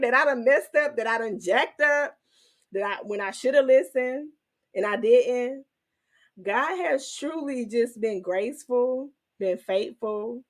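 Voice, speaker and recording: A woman hosting her own faith channel, teaching and testifying in an emotional, animated way, with some in her speech. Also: fairly high pitch, a little slow. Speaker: Christian women's channel host.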